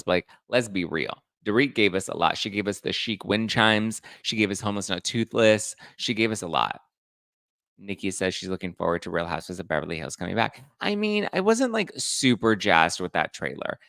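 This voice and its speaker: Chatty camp man, bright gravelly voice. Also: sits low, sing-song, brisk, no echo, clean studio sound. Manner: chatty, camp, reads viewer comments and acts out quotes. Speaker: host. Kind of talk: live-stream pop culture chat.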